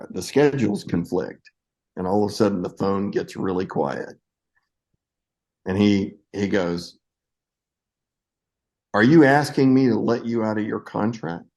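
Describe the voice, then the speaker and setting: A man in his sixties, an actor telling lively anecdotes in a casual interview and acting out the voices of the people he quotes. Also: low voice, low-quality recording. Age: 60s. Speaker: actor guest.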